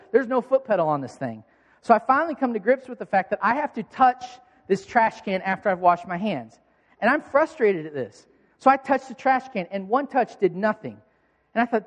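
A man preaching a sermon as a pastor, telling a self-mocking story in a lively way. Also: high voice. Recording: long hall reverb.

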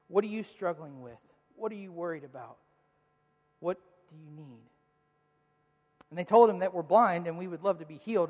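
A man preaching a sermon as pastor, swinging between loud emphatic peaks and hushed, quiet questions. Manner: rises in pitch and volume for emphasis, drops to quiet asides. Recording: hall reverb.

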